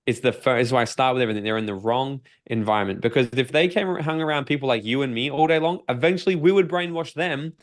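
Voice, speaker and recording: Speaking fast with hardly any pauses, this medium-pitched Australian man is a personal development coach appearing on a podcast. He's energetic, curses freely and voices his own inner monologue aloud.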